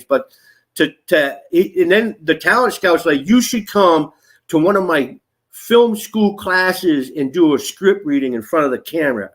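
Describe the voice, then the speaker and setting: A man in his fifties, an actor guest, telling stories in a casual interview, acting out quotes with lively swings and swearing freely. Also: on the high side. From Nashville area. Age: 50s. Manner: animated storyteller, acts out quotes, swears freely.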